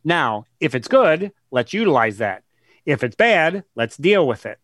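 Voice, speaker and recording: Guy author on a podcast, kinda high voice, dry close sound, earnest, drags out the key words. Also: very animated, fairly bright tone, dry recording. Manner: earnest, emphatic, slows down to stress key words; retells conversations with people as examples. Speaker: guest author. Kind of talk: explaining ideas in a podcast interview.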